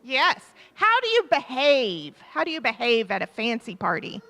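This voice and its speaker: A woman leading a children's time in a church service, asking the children questions and warmly repeating their answers, speaking into a microphone in the sanctuary. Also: a little high, wildly swooping pitch, normal speed, vocal fry. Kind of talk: interactive children's talk with questions. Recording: reverberant church hall.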